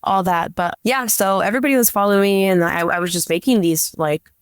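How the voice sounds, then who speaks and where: A woman's voice: medium pitch, fairly quick, smooth, no room sound, clean studio sound. A young woman, a police dispatcher, telling a story in casual chat and leaning on "like" constantly. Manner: chatty, leans on "like" constantly. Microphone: podcast microphone.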